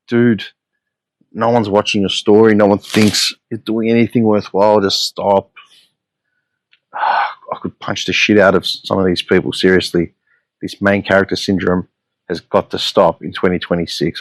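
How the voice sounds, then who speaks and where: A man's voice: deep voice, no echo. An Australian man hosting a solo podcast, telling stories in a blunt, profane, exasperated way. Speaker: podcast host.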